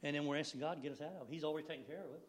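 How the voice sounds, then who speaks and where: A man's voice: a little high, fairly even intonation, very fast. A man in his sixties giving a folksy, rambling church sermon, laughing now and then. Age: 60s. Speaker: lay preacher.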